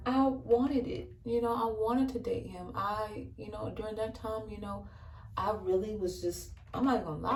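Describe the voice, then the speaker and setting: A young adult woman vlogger sharing a casual faith testimony while getting ready, earnest and chatty, with lots of "you know" and quick laughs. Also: fairly high pitch, mellow, a little hiss or hum. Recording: roomy sound from a mic some distance away.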